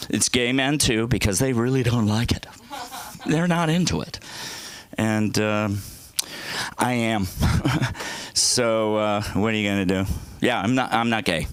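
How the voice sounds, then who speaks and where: A man's voice: lowish voice, unhurried, pauses often, clear, resonant tone, no echo. A man performing open-mic stand-up on a comedy club stage, telling rambling, self-deprecating and crude stories.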